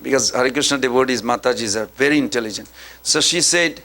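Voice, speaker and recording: A man giving a scripture lecture, an animated storyteller who keeps asking his listeners questions. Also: mid-range voice, a little fast. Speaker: preacher.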